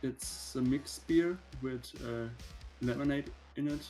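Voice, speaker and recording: A man on a video-call date, talking hesitantly with many pauses and fillers. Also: medium pitch, mellow, faint music behind. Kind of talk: casual video-call chat.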